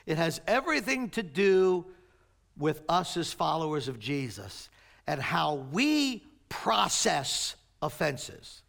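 A man preaching a sermon, swinging between raised emphatic lines and quiet low asides. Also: big pitch swings, takes it slowly, vocal fry. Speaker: pastor.

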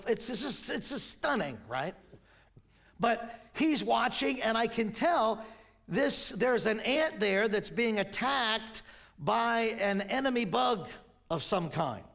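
An older man preaching a sermon as pastor, telling stories and quoting scripture, sometimes rising to shouts. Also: high-pitched, vocal fry.

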